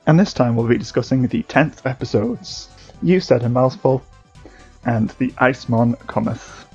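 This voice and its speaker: A man's voice: medium pitch, moderate pace, a little mellow, husky, highs cut off, soft background music. A man co-hosting a casual podcast, joking about a drinking game. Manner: jokey, calls drinking-game penalties. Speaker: podcast co-host. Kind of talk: casual chat.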